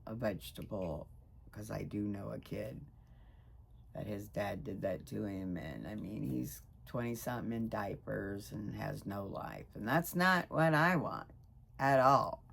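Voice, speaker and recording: Gravelly-voiced woman in her sixties. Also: unhurried, a little hiss or hum. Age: 60s. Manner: rambling, emotional, voice jumps high when excited. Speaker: vlogger. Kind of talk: personal vlog update.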